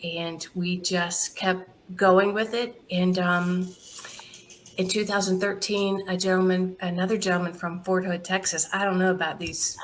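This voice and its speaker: Middle-aged woman, charity founder guest, lively anecdotes, slightly low pitch, faint background noise. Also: unhurried. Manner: lively anecdotal, laughs often, acts out quoted dialogue. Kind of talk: casual interview storytelling.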